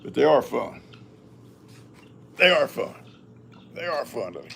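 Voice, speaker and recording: A man's voice: medium pitch, sing-song, unhurried, creaky, a bit bright, a little hiss or hum. An older man, hosting a live stream in a rambling, folksy chat and talking to his cats. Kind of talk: casual chat.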